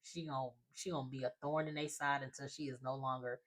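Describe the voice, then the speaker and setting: Young woman with a low voice going over soap episodes, chatty, keeps quoting the characters. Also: steady tone, brisk. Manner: chatty, acts out the characters' lines in quotes. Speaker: soap opera recap host. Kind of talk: casual episode recap.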